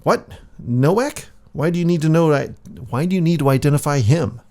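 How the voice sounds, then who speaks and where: A man's voice: mid-range voice, lively intonation, slow, gravelly, a little mellow. A man voicing a haughty male priest who sneers and insults the others. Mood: scornful.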